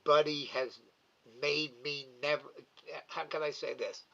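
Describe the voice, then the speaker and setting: Middle aged guy on a live stream, slow halting talk, kinda bright edge, dull lo-fi sound. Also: a little high, fairly even intonation, gravelly. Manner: slow, halting, repeats words, emotional. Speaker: live cam host reading chat. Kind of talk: casual live-stream chat.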